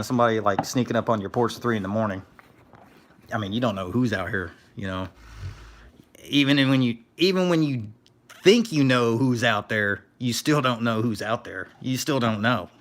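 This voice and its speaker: A man's voice: mid-range voice, moderate pace, a bit bright. Laid-back man telling scrapping stories. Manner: laid-back storyteller, reads chat aloud. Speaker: scrapper streamer. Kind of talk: casual live-stream chat.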